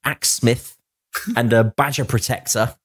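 A man's voice: medium pitch, steady tone, moderate pace, husky. A man co-hosting a casual film podcast, rambling and joking, laughing often and trying out voices. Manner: jokey, laughing, rambling, tries impressions. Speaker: podcast co-host.

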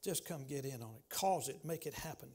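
A man, preaching a sermon as pastor in a church, swinging from loud exclamations to hushed pleading. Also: medium pitch, lively intonation, fairly quick, breathy edge. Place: church sanctuary.

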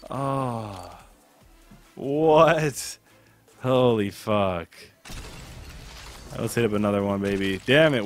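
A man hosting a gaming channel, chatting casually as he opens game cases, excitable and swearing with loud bursts of disbelief. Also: mid-range voice. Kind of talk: casual live commentary while opening game cases.

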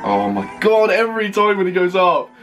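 A man reacting to an album on a first listen, gushing and excitable, stopping often to rave about what he hears. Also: sits high, moderate pace, creaky. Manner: gushing, excitable, full of "oh my God" and "like". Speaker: music reaction vlogger. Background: faint music playing.

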